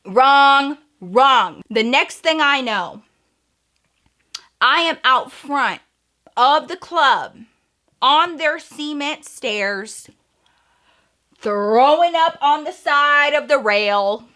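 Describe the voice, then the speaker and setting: Bright, chatty young woman vlogger. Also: sits high, very slow, pauses often. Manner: animated, chatty, swears and addresses viewers as girl. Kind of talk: storytime vlog.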